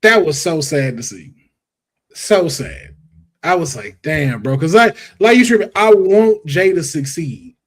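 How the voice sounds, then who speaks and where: A man hosts a podcast in loose, slangy conversation. His slightly raised voice is animated and emphatic, and he pushes each point hard. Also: sits high, measured pace, husky. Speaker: podcast host. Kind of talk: casual chat.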